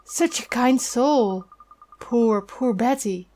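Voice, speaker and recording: A woman reading aloud as a chatty, sentimental old woman neighbor in a game, speaking slowly. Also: a little high, dark tone, a little hiss or hum. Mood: gossiping.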